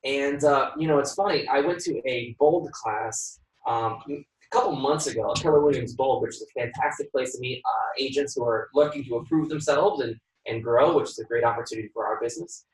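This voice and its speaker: A home inspector being interviewed tells his stories with energy, slipping into the voices of the people he quotes and laughing along the way. His voice is of ordinary pitch for a man. It reaches the listener from a mic set well back, in a room that echoes. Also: brisk. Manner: lively storyteller who acts out quoted dialogue and laughs often. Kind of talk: podcast interview storytelling. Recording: roomy sound from a distant mic.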